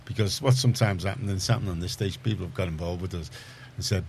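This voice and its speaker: A man's voice: low voice, steady tone, fast, vocal fry, a little mellow, slight background noise. A man with a Liverpool accent presenting community radio in a rambling, self-correcting casual chat.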